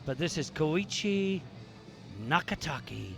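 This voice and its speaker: A man giving calm, measured live commentary on a powerlifting competition. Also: fairly high pitch, creaky, music in the background.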